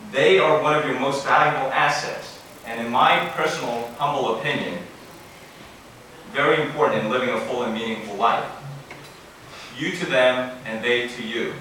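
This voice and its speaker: The formal banquet keynote comes from a man in his forties whose mid-range voice is pushed and bright at normal speed. He offers earnest advice with asides and self-corrections. Recorded in a large, very echoey hall on a distant mic, it has faint room ambience and slight background noise.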